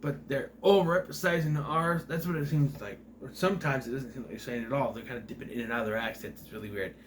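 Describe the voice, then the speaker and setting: A man's voice: medium pitch, fast talker, a little hiss or hum. Rambling sarcastic man reviewing movies. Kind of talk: casual movie review vlog.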